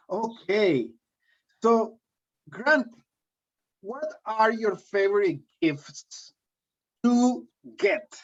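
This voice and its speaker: A man from Colombia with a Colombian accent, teaching a live online English class in a friendly, joking way and repeating key phrases. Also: fairly high pitch. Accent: Colombian Spanish. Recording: dull lo-fi sound.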